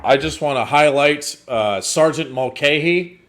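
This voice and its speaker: A man's voice: a little high, unhurried, a bit bright. A young man co-hosting a movie review show, casually and animatedly retelling scenes, with laughter and swearing along the way. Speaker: movie review podcast co-host. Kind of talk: casual chat.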